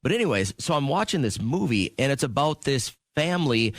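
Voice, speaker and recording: A man's voice: medium pitch, big pitch swings, a little fast, no room sound, studio quality. A middle-aged man co-hosting a casual radio show, telling a long story with self-mocking asides. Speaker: radio co-host. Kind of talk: casual morning radio chat. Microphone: studio microphone.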